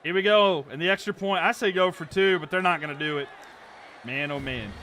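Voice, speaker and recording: Bright-voiced man calling game plays. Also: high-pitched, brisk, slight background noise. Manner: frustrated asides between excited play calls. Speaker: streamer doing play-by-play of a video game. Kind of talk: live-stream commentary.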